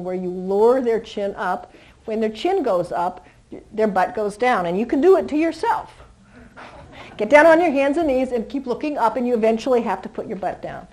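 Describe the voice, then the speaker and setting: A woman dog trainer talks a live class through her methods with a lively, swooping voice. She is chatty and animated, laughs easily, and sits a little high in pitch. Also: low-quality recording. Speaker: dog trainer teaching a seminar. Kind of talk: live teaching talk to an audience.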